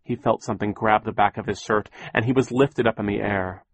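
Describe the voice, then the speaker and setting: A man narrating an audiobook in a measured, wry storytelling manner. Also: fairly low pitch, fairly even intonation. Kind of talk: scripted narration.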